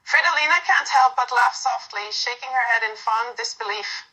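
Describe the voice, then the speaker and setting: A woman narrating a bright-voiced romance. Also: a little high, moderate pace, highs cut off. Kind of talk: second-person romantic story narration.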